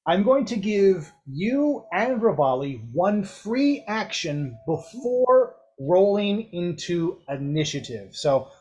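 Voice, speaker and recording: A man narrating a tabletop game as game master, casual and rushing through rules. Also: high voice, very animated, darkish tone.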